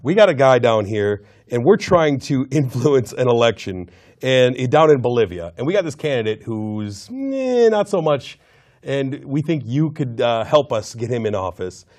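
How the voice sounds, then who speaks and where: A man's voice: mid-range voice, moderate pace. A man co-hosting a film review show, chatting casually and acting out scenes in mock voices. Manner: animated, acts out lines in mock voices.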